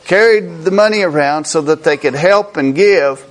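A man preaching a sermon slowly and emphatically, repeating key words for effect. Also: on the high side, a little hiss or hum.

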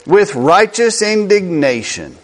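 A man preaching a sermon slowly and emphatically, repeating key words for effect. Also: high-pitched, sing-song.

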